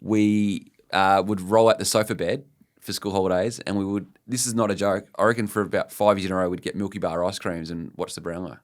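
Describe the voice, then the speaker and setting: A man with an Australian accent co-hosting a sports podcast, chiming in with quick remarks in casual chat. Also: low voice, steady tone. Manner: quick interjections, pushes back briefly. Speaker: podcast co-host.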